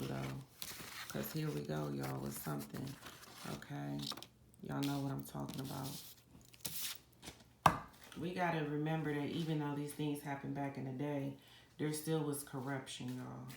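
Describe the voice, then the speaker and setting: A woman's voice: extremely low pitch, gravelly. A woman giving a psychic card reading, chatting casually and directly to her viewers. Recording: echoey room with steady background noise.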